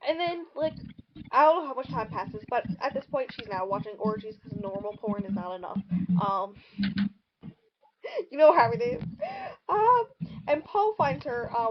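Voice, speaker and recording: A young woman casually retelling a short story on a podcast, rambling and full of fillers. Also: fairly high pitch. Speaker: podcast co-host summarizing a book. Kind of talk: casual book discussion. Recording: dull lo-fi sound with steady noise.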